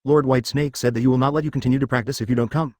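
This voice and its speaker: A man voicing a lively, teasing female snake spirit in a machine-read web novel audiobook, with a flat delivery. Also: medium pitch, rapid-fire, dry recording, studio quality, lightly acted.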